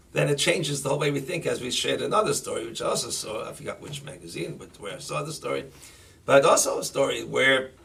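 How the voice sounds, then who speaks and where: Gravelly, animated rabbi. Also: male voice, mid-range voice. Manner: animated, rises to near-shouting when making a point. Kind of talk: sermon with stories. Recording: voice distant from the mic, faint background noise.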